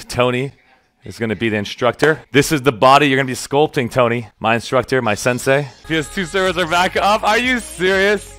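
A young man streaming himself through a workout, joking with viewers, loud and animated, getting out of breath. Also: medium pitch, a little fast, no room sound, faint music behind. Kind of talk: casual comedic workout stream.

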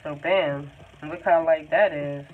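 A woman's voice: sits low, fairly even intonation, takes it slowly. A woman talks through a painting lesson in a loose, chatty way and keeps urging the viewer on. Her voice comes through thin and phone-like, with a faint hiss underneath. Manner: chatty, encouraging, loose and informal. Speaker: art tutor. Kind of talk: live painting tutorial. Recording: tinny phone-like sound, faint noise.

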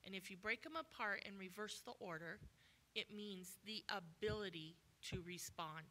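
A woman preaching a sermon as a guest speaker at a church, animated and acting out the voices of people in the story. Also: medium pitch, moderate pace. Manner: animated, acts out voices in quoted dialogue.

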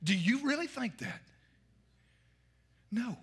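A male pastor, preaching a fiery sermon and shouting his points. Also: very high voice, sing-song, slow pace, gravelly, slightly rough.

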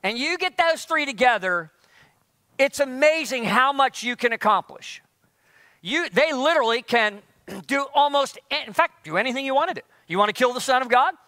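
In a sermon, a male pastor preaches with a strikingly high, bright, forceful voice, animatedly firing rhetorical questions at the congregation. He speaks at a normal speed, and the sound is dry and close with no echo.

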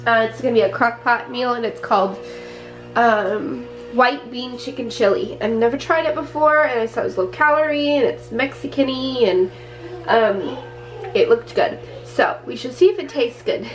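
A woman's voice: a little high, normal speed, faint music behind. A young woman chatting casually to her camera at home, rambling with lots of fillers. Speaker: vlogger mom. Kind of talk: casual family vlog.

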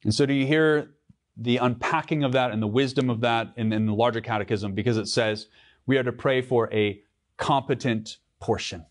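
Male pastor preaching in church, earnest, mid-pitched voice, stops and restarts phrases. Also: moderate pace. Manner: earnest preaching with restarts, reads scripture aloud. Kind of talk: sermon.

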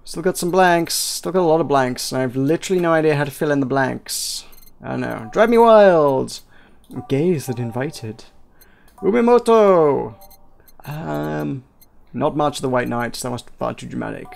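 A man's voice: mid-range voice, brisk, creaky. A man rambling chattily while commentating on a video game. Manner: rambling, self-interrupting, chatty. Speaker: let's play host.

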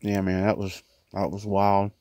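A man with a lowish voice talks loosely and casually, rambling between bites as he vlogs. He is tucked into a small closet, and the sound is close and dry with no room echo at all. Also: monotone, unhurried, mellow. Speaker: vlogger. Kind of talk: casual mukbang chat.

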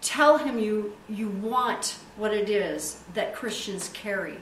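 A woman's voice: medium pitch, slow pace. A woman pastor preaching a sermon and leading prayer, emphatic and stretching key words for effect. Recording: echoey room, distant mic, faint hiss.

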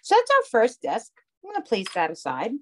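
High-pitched and quick, this craft instructor's voice swoops wildly, with a noisy background behind her. Teaching a live online class in a heavy Long Island accent, she chats away and keeps checking in with "okay?" and "all right".

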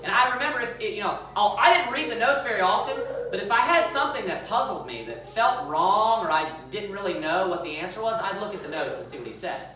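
A man's voice: high-pitched, expressive, fast talker, hardly any pauses, pushed and bright. A man preaching as a pastor, reading scripture aloud and putting questions to the congregation in an emphatic way. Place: church sanctuary. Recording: echoey church hall, mic far off.

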